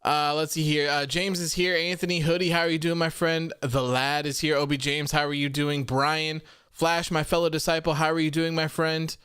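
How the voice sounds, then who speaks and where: Brief: young male streamer, slightly high voice, smooth and clear, dry close sound, loose rambling chat with lots of fillers. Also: moderate pace, dry recording. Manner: rambling and relaxed, many fillers and repeats. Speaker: host of a wrestling post show livestream. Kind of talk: casual livestream chat, reading viewer comments.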